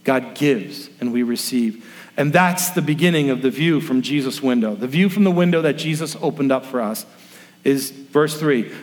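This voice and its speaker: Pastor preaching in a reverberant hall. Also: male voice, mid-range voice, animated, normal speed. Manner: storytelling, acts out quoted voices. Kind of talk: sermon. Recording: long reverb of a large room.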